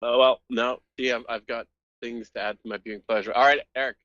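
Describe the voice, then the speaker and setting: A man's voice: medium pitch, steady tone, fairly quick, a bit bright, no room sound. A man hosting a casual podcast, asking questions and laughing easily. His voice comes through dull and lo-fi, dry and close to the mic. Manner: laughs a lot, asks questions. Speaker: podcast host. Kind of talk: casual chat.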